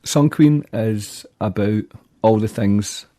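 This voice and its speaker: A Scottish musician with a Glaswegian accent speaks slowly in a fairly low, mellow voice, recorded in studio quality with no room sound. As a guest in a casual interview, he's blunt and plainspoken, using local slang.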